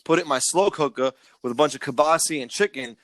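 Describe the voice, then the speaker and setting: A man's voice: fairly high pitch, quick pace, no echo. Profane ranting man, dry close sound. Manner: profane, animated ranting, stammers on restarts. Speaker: podcast co-host. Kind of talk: casual podcast chat.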